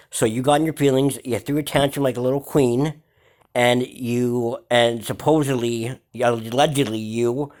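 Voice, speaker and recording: A man hosts his own gossip vlog in a loose, mocking rant. He leans on slang, swearing and fillers as he talks straight to the camera about hip-hop drama. His voice sits at an ordinary middle pitch. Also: darkish tone. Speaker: vlog host.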